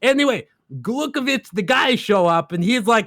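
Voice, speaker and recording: High-voiced rambling man on a stream. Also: lively intonation, moderate pace, few pauses, a bit bright, dry recording, clean studio sound. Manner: rambling, broken grammar, frequent laughs and fillers. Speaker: co-host recapping a game plot. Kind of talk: casual stream chat.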